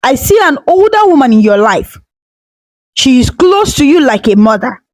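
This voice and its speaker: A woman's voice: high-pitched, very animated, moderate pace, no echo, poor audio. A woman voicing a confident middle-aged male prophet who speaks with grave authority. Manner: grave, commanding pronouncements.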